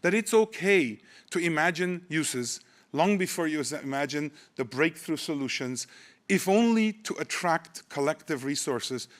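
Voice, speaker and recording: A man's voice: a little high, expressive, measured pace, a bit bright. A man in his sixties giving a conference keynote, conversational and wry, often restarting his phrases. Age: 60s. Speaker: keynote speaker.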